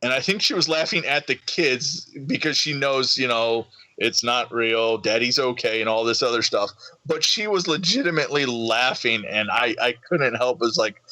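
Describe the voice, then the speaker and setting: Excitable man telling a story. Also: mid-range voice, normal speed, few pauses, no room sound, low-quality recording. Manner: excitable storyteller, acts out crowd voices. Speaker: podcast co-host. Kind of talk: casual chat.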